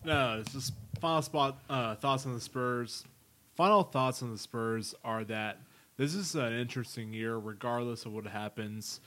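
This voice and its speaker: A man on a casual sports podcast, speaking emphatically and getting animated. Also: mid-range voice, a little slow. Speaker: podcast co-host.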